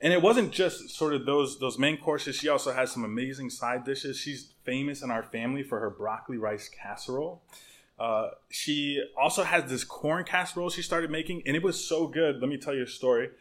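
A man preaching a sermon as pastor, telling stories in an animated, humorous way with conversational restarts and repeated words. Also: medium pitch, fairly quick.

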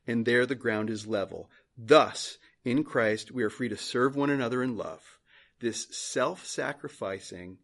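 A man's voice: medium pitch, a bit bright. A male pastor preaching a sermon in church, earnest, repeating phrases for emphasis.

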